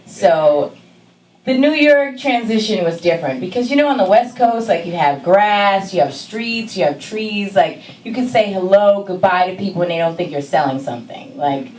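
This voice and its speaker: A woman telling a funny story on stage, laughing and acting out voices with big jumps in pitch. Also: expressive, moderate pace, a little mellow, reverberant, far from the mic, a little hiss or hum, poor audio. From California. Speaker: stand-up comic telling a story. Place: stage in a small venue.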